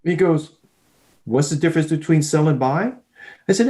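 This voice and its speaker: Speaking at a moderate pace in a fairly high pitch, a man guesting on a podcast shares sales stories in an interview. He tells them with animation, voicing both sides of the dialogues.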